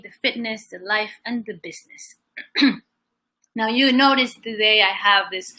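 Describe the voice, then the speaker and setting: A woman's voice: medium pitch, bright, forceful tone, low-quality recording. A woman hosting a casual livestream, a singer and coach telling stories fluently with occasional fillers.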